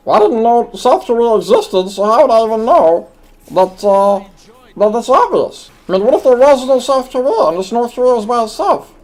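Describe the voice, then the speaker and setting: Man doing a high whiny voice, naive young guy, bouncy swooping pitch, argumentative, comedic banter. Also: big pitch swings, moderate pace, darkish tone, low-quality recording. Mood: confused. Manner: argumentative, defensive.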